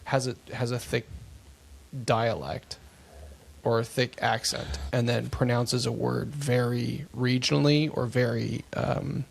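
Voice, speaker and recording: A man co-hosting a podcast, telling stories in a rambling, animated way with lots of fillers. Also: mid-range voice, measured pace, creaky. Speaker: podcast co-host. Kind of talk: casual chat.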